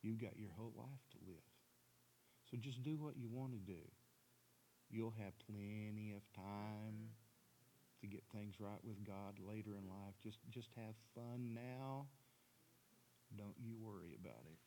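A pastor voicing an old, wise, sly male demon who coaxes in a low, hushed whisper during a sermon story. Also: big pitch swings, moderate pace, long pauses, slight background noise.

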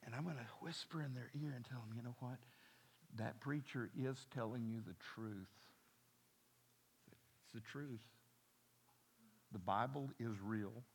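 A pastor voicing an old, wise, sly male demon who coaxes in a low, hushed whisper during a sermon story. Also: fast, gravelly, hardly any pauses, slight background noise, lightly acted. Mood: coaxing.

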